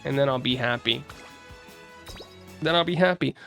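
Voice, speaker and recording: A man's voice: medium pitch, normal speed, gravelly, bright, forceful tone. A young man from the East Coast of the US streaming casually, chatting with viewers and reading out their messages. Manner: chatty, reads out chat and greets viewers. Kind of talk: casual livestream chat. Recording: faint music behind.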